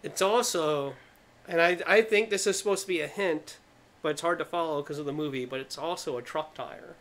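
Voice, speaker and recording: Higher-voiced man, hesitant and chuckling. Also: brisk, a bit bright. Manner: hesitant, restarts often, laughs easily. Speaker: podcast co-host. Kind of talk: casual movie-review chat.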